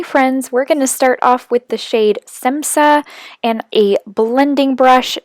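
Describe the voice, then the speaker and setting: A middle-aged woman chatting casually through a makeup tutorial, laughing often and filling pauses with "um" and "like.". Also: fairly high pitch. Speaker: beauty vlogger.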